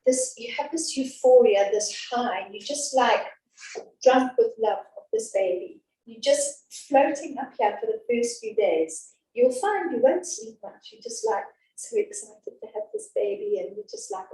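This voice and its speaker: A woman's voice: high-pitched, expressive, a little slow, dark tone. A woman teaching an antenatal class in a chatty, reassuring, down-to-earth way, in a classroom. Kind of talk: informal class talk. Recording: echoey room from a distance.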